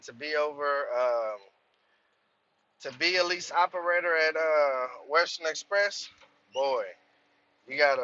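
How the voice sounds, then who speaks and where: Bright-voiced man telling a trucking story. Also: medium pitch, dull audio. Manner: profane, rambling, says "man" often. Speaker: truck driver vlogger. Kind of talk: casual storytelling vlog. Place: inside a truck cab.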